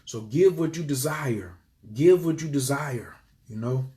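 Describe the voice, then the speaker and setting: A man talking casually on a livestream to his viewers, animated and preachy, swearing freely and swinging between loud outbursts and quiet murmurs. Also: medium pitch, unhurried. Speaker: livestream host. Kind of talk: casual live-stream talk to viewers.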